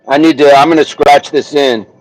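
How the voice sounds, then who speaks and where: A man hosting a casual livestream outdoors, chatting with his viewers, reading their comments aloud and slowly sounding out words. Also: fairly high pitch, fairly even intonation, darkish tone, no echo, poor audio. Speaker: livestream host. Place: outdoors, windy, a tree behind him.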